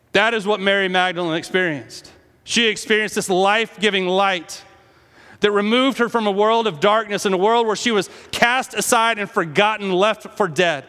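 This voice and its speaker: A high, bright male voice preaching passionately in a sermon, moving between hushed, low passages and raised, emphatic ones. He sounds like he is in a church sanctuary, with a long reverb of a large hall behind him. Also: moderate pace. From United States. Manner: impassioned preaching, dropping to hushed tones and rising in quoted lines. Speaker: pastor.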